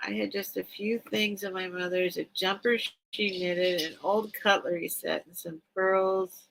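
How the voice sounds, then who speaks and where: A woman's voice: mid-range voice, fairly even intonation, a little slow, creaky, a bit bright, slight background noise, poor audio. A middle-aged woman hosting a late-night live sale stream, chatting casually and emotionally as she reacts to viewer comments.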